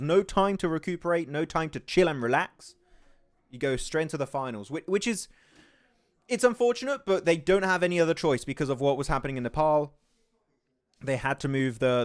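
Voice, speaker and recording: A man's voice: mid-range voice, no echo. A young man from England casually commentating a mobile esports match on a livestream, reacting to plays and reading chat aloud. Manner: excitable, reads chat aloud. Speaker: esports caster.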